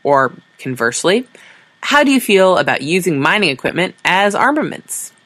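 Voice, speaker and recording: Tired dry-witted lady diplomat, woman reading her, low voice, lots of swing. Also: big pitch swings, normal speed, fairly bright tone, dry recording. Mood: weary. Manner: dry, weary, sardonic. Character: weary, exasperated woman diplomat.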